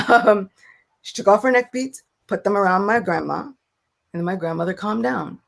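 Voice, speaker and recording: A young woman speaking as a guest in a casual spiritual talk. She tells stories in an animated way and slips into the voices of the people she quotes. Her voice sits at a middle pitch. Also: moderate pace, gravelly.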